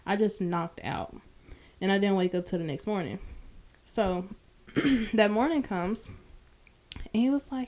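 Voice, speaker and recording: A young woman chatting on a podcast, telling a personal story in a casual, animated way. She voices the other people in it as she goes. Her voice sits at a middle pitch. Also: measured pace, long pauses. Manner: animated storyteller, acts out quoted dialogue. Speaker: podcast guest.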